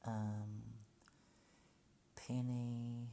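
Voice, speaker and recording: A man talks slowly in a dark, mellow, gravelly voice. He rambles sarcastically and stumbles through frequent ums. A faint hum of room ambience sits behind him. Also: fairly low pitch, steady tone. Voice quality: halting, full of ums and mock slips.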